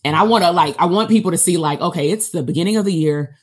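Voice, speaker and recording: A woman's voice: lowish voice, fast, husky. A woman hosting a podcast, chatting and coaching in a casual interview. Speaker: podcast host.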